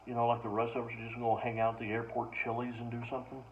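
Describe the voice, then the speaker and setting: A man's voice: medium pitch, completely flat delivery, rapid-fire. A man telling comic stories as a stand-up comedian, ranting with exasperation in a casual way. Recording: distant mic, dull lo-fi sound, faint ambient noise.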